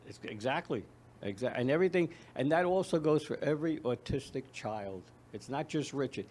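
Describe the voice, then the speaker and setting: Mellow-voiced man, halting guest. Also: medium pitch, animated. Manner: halting, repeats words when speaking freely. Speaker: guest, foundation founder. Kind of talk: conversational interview, reading poetry aloud.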